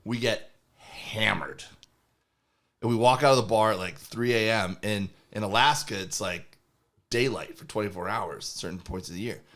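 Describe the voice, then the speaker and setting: A man co-hosting a comedy podcast, telling rambling anecdotes in a casual, animated way. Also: on the low side, normal speed. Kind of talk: casual storytelling.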